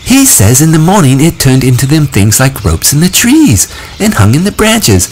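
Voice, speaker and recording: A man's voice: fairly high pitch, big pitch swings, moderate pace, a little mellow, slight background noise, pitched above the performer's own voice. A man voicing an anxious, earnest boy who insistently relays a frightened child's words in a storybook reading.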